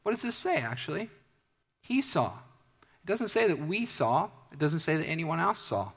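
Guy preaching a sermon, punchy loud bits then going real quiet, long church-hall echo. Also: a little high, big pitch swings, normal speed, creaky, slightly rough. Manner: dynamic, swings from loud emphatic bursts to hushed asides. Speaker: pastor.

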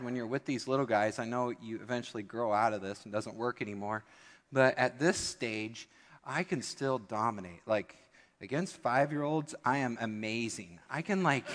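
Male pastor, humorous storytelling sermon, mid-pitched voice, long church reverb. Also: fairly bright tone. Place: church sanctuary.

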